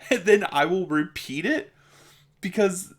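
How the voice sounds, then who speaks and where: Speaking slightly slowly in an animated voice that sits high, a male video creator chats to camera for his vlog. He's self-deprecating, and he keeps fumbling and repeating words before laughing off the slips.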